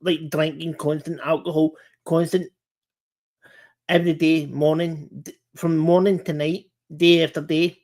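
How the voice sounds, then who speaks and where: Halting, earnest man hosting a chat stream. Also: a little high, flat delivery, a little mellow. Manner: halting, earnest, many restarts and repeats. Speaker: live-stream chat host. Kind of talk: casual live-stream chat.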